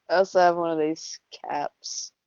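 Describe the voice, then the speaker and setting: A woman's voice: on the low side, darkish tone, clean tone. Giggly woman on a muffled call. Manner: giggly, chatty. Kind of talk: casual comedic chat.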